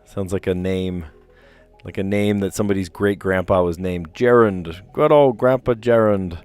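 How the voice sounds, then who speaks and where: A man's voice: low-pitched, moderate pace, darkish tone, clear, resonant tone, faint music behind. A man casually chatting on a live stream, reading puzzle clues aloud and rambling to his viewers. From New Jersey.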